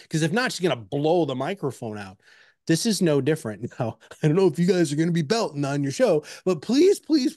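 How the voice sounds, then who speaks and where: A man presenting an instructional webinar, energetic and chatty, with personal anecdotes and emphatic repeated pleas. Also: fairly high pitch, dry recording, studio quality.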